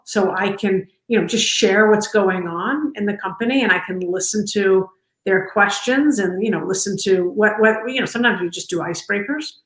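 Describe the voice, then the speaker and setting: Chatty woman in an echoey room. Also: medium pitch. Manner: chatty, warm, many fillers and restarts. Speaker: company culture executive, interview guest. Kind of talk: casual interview conversation. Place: home, on a video call.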